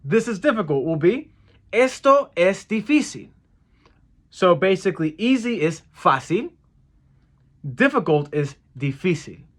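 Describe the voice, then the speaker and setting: A man giving a casual language lesson, repeating each phrase slowly and correcting himself with fillers. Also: high-pitched, sing-song, a bit bright. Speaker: Spanish phrase teacher.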